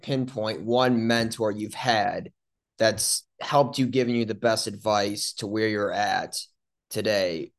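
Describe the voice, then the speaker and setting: A man hosting an interview, asking questions in a halting way, searching for his words. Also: lowish voice. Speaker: interview host.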